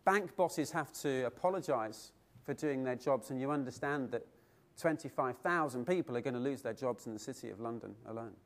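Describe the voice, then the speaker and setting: A man's voice: medium pitch, fairly quick. A middle-aged man giving a keynote speech at a conference, telling stories and asking his audience rhetorical questions. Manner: lively storytelling with rhetorical questions. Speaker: keynote speaker. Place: conference hall.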